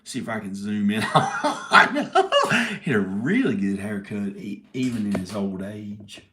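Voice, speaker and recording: A man's voice: fairly low pitch, sing-song, unhurried, pushed and bright, slight background noise. A man telling a rambling comic story, stopping and restarting his words and giggling often. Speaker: video maker telling a story. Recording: echoey room.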